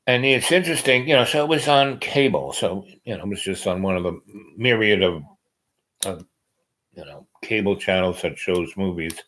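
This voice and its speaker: A man's voice: sits low, moderate pace, a bit bright, rough recording. A man hosting a podcast, talking in a meandering casual monologue with many fillers and restarts. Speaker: podcast host.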